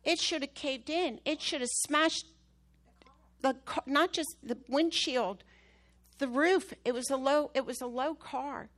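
Vrouw die vurig een getuigenis preekt. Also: female voice, sits high, measured pace. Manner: emphatic storytelling, rising loud at key moments. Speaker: preacher. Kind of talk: sermon testimony.

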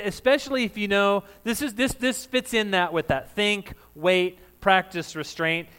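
A man preaching a sermon to his congregation in a loud, conversational way, joking with the room and laughing often. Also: sits high. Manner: says of himself that he is loud. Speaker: pastor.

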